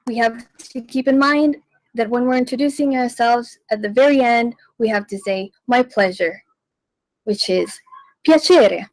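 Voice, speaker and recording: A woman hosting a radio language lesson, teaching slowly and repeating each phrase so listeners can follow. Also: fairly high pitch, steady tone, dry recording, low-quality recording. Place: radio studio.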